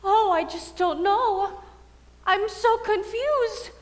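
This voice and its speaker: A glamorous showgirl bride, acted by a young woman, with a very high voice and grand, melodramatic delivery. She draws her lines out slowly over soft pit music. The sound echoes through a large hall. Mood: dramatic. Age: teens. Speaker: Janet, the bride. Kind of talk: high school stage musical. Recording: stage mic in a reverberant auditorium.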